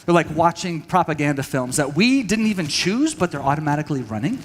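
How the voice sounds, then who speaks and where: A man's voice: a little high, expressive, fast, few pauses. A man from Texas speaking to a church audience, candid and self-deprecating, with many fillers and restarts. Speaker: speaker at a church parenting session. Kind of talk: personal talk to an audience. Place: church hall. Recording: long hall reverb.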